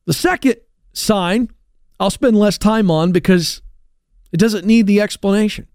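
A man's voice: high-pitched, a little slow, darkish tone, clean tone, no room sound, studio quality. A man hosting a career advice show, talking emphatically and with a coach-like push. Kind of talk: energetic talk-show monologue.

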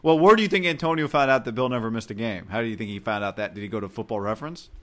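A man co-hosts a sports podcast and keeps pushing the conversation along with questions. He talks quickly in a mid-pitched voice. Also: a bit bright. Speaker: podcast co-host. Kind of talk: casual sports chat.

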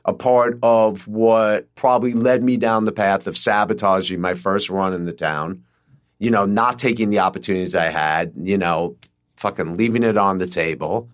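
A man's voice: lowish voice, moderate pace. A middle-aged man chatting casually on a podcast, telling stories with lots of swearing and acting out quotes. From New York. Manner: animated storyteller, heavy swearing, acts out quotes. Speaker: guest screenwriter.

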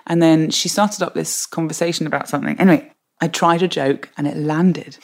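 A woman guest telling a comic anecdote in a lively, self-mocking way, often laughing. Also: low-pitched, brisk. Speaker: podcast guest.

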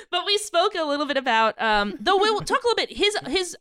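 A woman co-hosting a music podcast in casual chat, laughing often and halting with fillers. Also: very high-pitched, sing-song, sharp tone, dry recording, clean studio sound. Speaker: podcast co-host.

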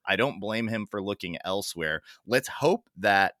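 A man's voice: on the low side, lively intonation, moderate pace, few pauses, bright, forceful tone, no echo, studio quality. A man hosting a sports podcast in casual talk, ranting sarcastically and getting worked up as he goes.

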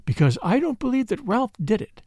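A man voicing a proud young woman working as a maid, speaking quietly, dry and earnest. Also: very high voice, very animated, fairly quick, creaky, no echo, pitched above the performer's own voice, full character voice.

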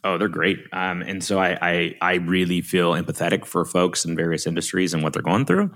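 A man's voice: low voice, fairly quick, fairly bright tone. A man from Alabama with a Southern accent, chatting casually as an interview guest, informal and rambling with many fillers. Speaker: industrial cybersecurity guest.

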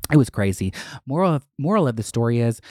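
A man telling a storytime rant to his followers, casual and profane, with quick jumps up in pitch. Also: dry recording, studio quality. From Atlanta area. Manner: profane, animated, quick bursts of rising pitch. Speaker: content creator.

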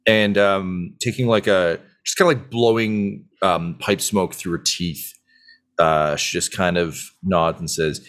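A man runs a tabletop game, narrating scenes with plenty of pauses and filler words. His voice is very low. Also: a bit bright. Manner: hesitant, full of ums and uhs. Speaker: game master.

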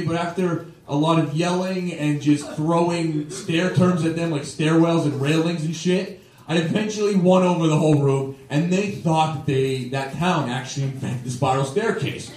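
On a comedy club stage, a young Toronto comic talks at a moderate pace in a slightly high, darkish voice, wandering through his set and ending lines with "right?" or "okay?". Laughter from the crowd fills the background of this distant, roomy live recording made in the club.

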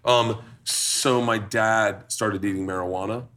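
A man's voice: fairly low pitch, a little slow. A man in his forties hosting a casual comedy cooking show, telling a profane story and acting out the voices in it. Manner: profane, animated, acts out voices. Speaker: host.

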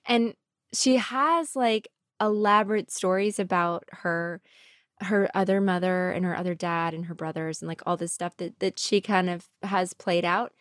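A woman hosts a podcast, telling a spooky story in loose, casual chat. She acts out the lines of the people in her story, with plenty of "um" and "like" along the way. Her voice sits a little low and sounds dry and close. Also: normal speed, dry recording. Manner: animated storyteller, acts out quotes; many fillers, 'like' and 'um'. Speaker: podcast host.

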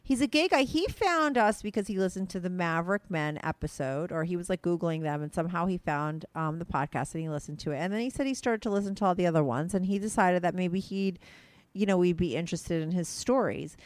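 Woman hosting a podcast, kinda low voice, rambly chatty, dry close sound. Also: brisk, no room sound. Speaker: podcast host. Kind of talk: casual podcast chat.

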